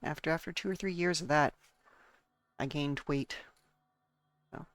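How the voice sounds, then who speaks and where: A woman's voice: low-pitched, unhurried, no echo. A woman streaming a game and chatting casually, rambling from one thought to the next and talking to her chat and herself.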